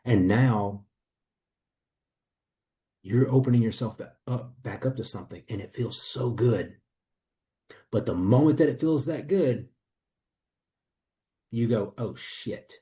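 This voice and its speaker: A man's voice: mid-range voice, slow pace, pauses often, mellow. A man in a testimonial interview, earnestly and reflectively telling his own story as a coaching client.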